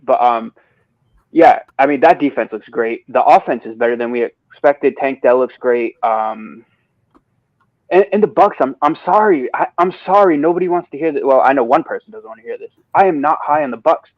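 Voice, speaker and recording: A man's voice: mid-range voice, lively intonation, fairly quick, dry recording. Man, ranting sports bettor, profane, keeps apologizing, dull lo-fi sound, dry. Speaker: podcast co-host giving betting picks. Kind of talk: casual sports betting talk. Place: a different place than usual.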